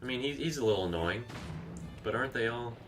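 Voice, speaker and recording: A man's voice: mid-range voice, expressive, fast, music in the background. A man streaming a video game, chatting casually, reacting aloud to the action and reading out viewer comments. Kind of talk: live gameplay commentary.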